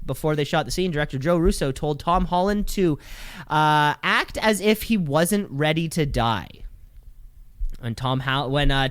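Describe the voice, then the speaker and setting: Guy cohosting a podcast, smooth clear voice, dry close sound, quick chatty trivia bits. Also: a little high, fairly bright tone, no room sound. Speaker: podcast co-host. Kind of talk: casual podcast chat.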